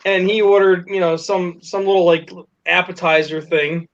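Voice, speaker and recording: High-voiced man telling a casual story. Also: steady tone, moderate pace. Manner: laughing, swearing, acts out quotes. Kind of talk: casual storytelling among friends. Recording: dull lo-fi recording with faint noise.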